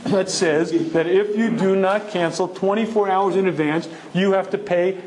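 Throat-clearing male Torah teacher, higher voice. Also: fairly even intonation, moderate pace, hardly any pauses, darkish tone, a little hiss or hum, poor audio. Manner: keeps clearing his throat; emphatic, repeats phrases for effect. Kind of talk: Torah lecture with personal story.

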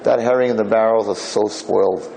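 A man's voice: lowish voice, fairly even intonation, brisk, creaky, mellow, poor audio. A man telling a long folk parable in a casual, digressive way, jumping into different characters' voices. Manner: rambling, digressive, acts out characters. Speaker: storyteller.

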